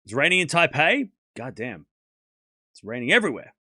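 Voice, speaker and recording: A man's voice: on the high side, big pitch swings, a little fast, sharp tone, slightly rough, no room sound, clean studio sound. A man with a sore throat chatting casually to his live-stream audience while waiting out a rain delay. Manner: chatty, talks to chat, laughs often. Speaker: tennis watchalong streamer.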